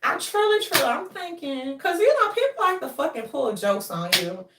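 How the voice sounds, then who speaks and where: A woman talks in a loose, profane rant, telling stories and acting out other people's lines between bursts of laughter. Her voice sits a bit high. She is recorded from some distance, and the sound bounces around an echoey room. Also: normal speed, background noise. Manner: profane, animated storytelling with laughs and mimicry. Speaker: commentary streamer. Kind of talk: casual rant.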